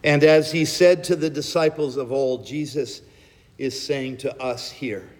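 Slow, measured preacher in a reverberant hall. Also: male voice, medium pitch, fairly even intonation, darkish tone. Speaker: pastor. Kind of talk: sermon. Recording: long echo of a large hall.

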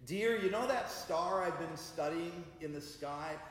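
A man's voice: fairly high pitch, measured pace, very echoey, big-room sound, pitched above the performer's own voice, close to an everyday voice. A man playing an earnest, eager wise man talking to his wife in a sermon. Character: hopeful ancient wise man, earnest husband.

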